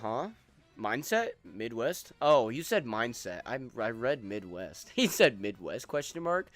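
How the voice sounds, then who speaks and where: A man's voice: medium pitch, big pitch swings, unhurried, faint music behind. A young man streaming a game, chatting loosely with friends and chat in profane, rambling banter. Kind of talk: casual gaming stream chat.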